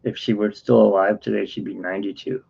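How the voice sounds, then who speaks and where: A weary man with a low, gravelly, husky voice tells a long personal story, wandering off track and acting out what others said. The sound is dull and lo-fi. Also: little pitch movement, quick pace, a little mellow. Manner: rambling, self-interrupting, acts out quoted dialogue. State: tired. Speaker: channel host. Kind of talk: casual storytelling vlog.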